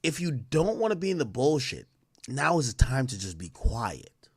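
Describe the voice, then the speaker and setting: Guy rambling on stream, super lively voice, dry sound, slangy. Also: mid-range voice, moderate pace, breathy edge, no room sound. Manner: rambling, animated, slang-heavy. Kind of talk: casual live-stream chat.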